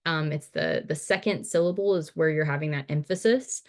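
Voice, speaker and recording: A woman teaching over slides in a relaxed, casual manner, full of fillers and restarts. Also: sits low, fairly quick. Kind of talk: recorded slide lecture.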